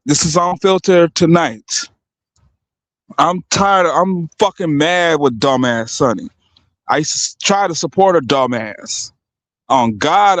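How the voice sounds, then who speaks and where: A man's voice: fairly high pitch, no room sound. A man hosting a livestream, ranting in a heated, profane way and breaking off often to apologize to his viewers. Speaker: livestream host. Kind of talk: unscripted livestream rant.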